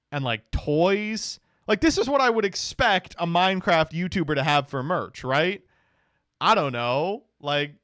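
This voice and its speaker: A man's voice: on the high side, a bit bright, no room sound. Sarcastic streamer guy reacting to tweets, voice jumps all over, dry close sound, laughs and swears a lot. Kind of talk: casual reaction commentary.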